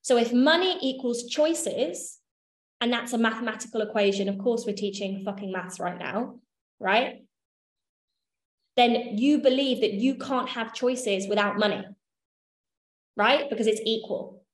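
A slightly high, unhurried voice comes from a woman leading a workshop. She teaches in a relaxed, chatty way, dropping casual swears and confirming her listeners follow, and the room echoes.

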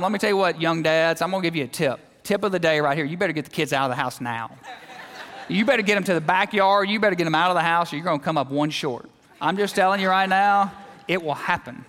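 A male guest preacher giving a sermon in a church, telling lively, joking stories and acting out everyday scenes. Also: fairly high pitch, long reverb tail. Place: church sanctuary.

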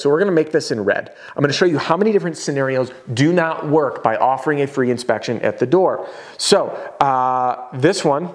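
A man in his thirties teaching a roofing sales lesson at a whiteboard, talking energetically and sometimes acting out homeowners in quick voices. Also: mid-range voice.

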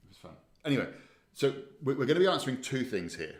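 A male host chats casually, reading listener questions and tripping over restarts while he hunts for clips. His voice bounces around a roomy space at an ordinary middle pitch. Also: big pitch swings, quick pace. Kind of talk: casual podcast chat. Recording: roomy echo.

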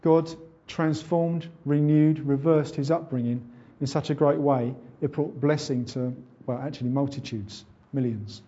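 A man's voice: a little high, fairly even intonation, unhurried, dark tone, husky, highs cut off. A man preaching a sermon in an earnest, conversational way. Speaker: pastor.

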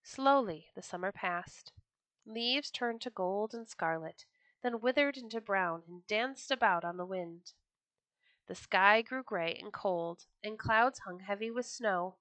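Female storyteller, children's book reading, expressive, bright and dry. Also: medium pitch, a little slow, no room sound.

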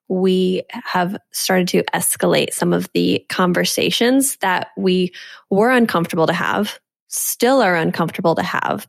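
Gravelly low woman, dry close sound. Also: no echo. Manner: measured, businesslike. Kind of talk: professional conversation.

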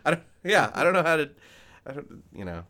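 A man's voice: on the high side, sing-song, a little fast, pushed and bright. A man co-hosting a podcast, telling stories in a casual, self-deprecating way with lots of laughter and restarts. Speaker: podcast co-host. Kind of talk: casual chat.

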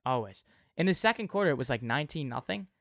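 A man's voice: on the high side, lively intonation, fast, creaky, a bit bright, dry recording, clean studio sound. A young man co-hosting a casual sports betting chat, steering topics and reading out scores and odds. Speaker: sports podcast co-host.

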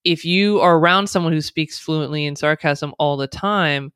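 A woman's voice: deep voice, normal speed, a bit bright, smooth, no room sound, clean studio sound. An American woman speaking as a podcast guest, chatty and sarcastic, often laughing as she talks. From United States. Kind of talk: casual podcast interview.

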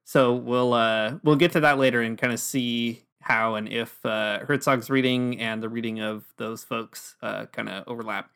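A man's voice: medium pitch, steady tone, moderate pace, few pauses, a bit bright, clear, resonant tone. A man co-hosting a podcast in casual chat, joking and easygoing, with frequent fillers. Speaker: podcast co-host.

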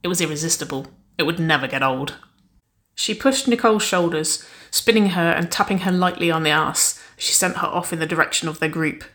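A woman narrating a story aloud in a steady, even storytelling manner. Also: low voice, fairly quick. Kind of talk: audiobook reading of fan fiction.

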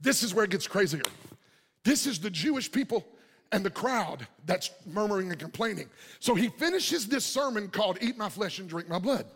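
A pastor delivering a dynamic sermon, swinging from loud shouting to quiet murmurs. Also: male voice, high voice, animated, normal speed. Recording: long hall reverb.

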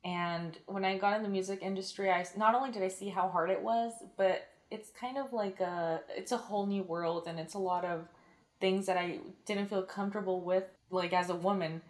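A woman's voice: medium pitch, fairly even intonation, normal speed. A chatty young woman with Mexican-American roots answers interview questions about her media work. She keeps adding "like" as she talks and slips into quoted lines. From Mexican-American background. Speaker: radio and TV media personality, guest.

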